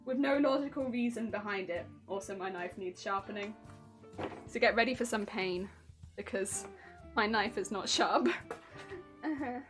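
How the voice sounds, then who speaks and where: A woman's voice: mid-range voice, normal speed, pauses often. A woman streaming while she crafts a cosplay, chatting casually, giggling often and reading out her chat. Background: soft background music.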